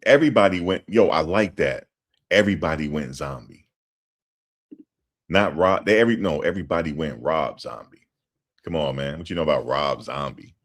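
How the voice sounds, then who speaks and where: A man doing casual commentary on a livestream. He talks in an animated, slangy way and repeats himself for emphasis. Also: extremely low pitch, moderate pace.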